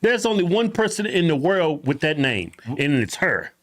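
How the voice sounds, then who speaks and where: A man co-hosting a casual podcast chat, telling stories in an animated way, laughing often and restarting his sentences. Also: on the high side, normal speed. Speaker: podcast co-host.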